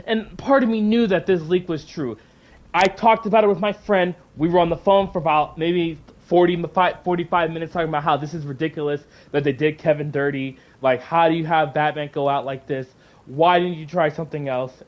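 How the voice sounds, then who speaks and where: A man with a fairly high voice rants angrily on his own livestream. He swears freely and breaks off into heavy, exasperated sighs. His delivery is raw and heated. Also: moderate pace. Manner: angry, profane ranting with heavy sighs. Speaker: channel host. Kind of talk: livestream rant.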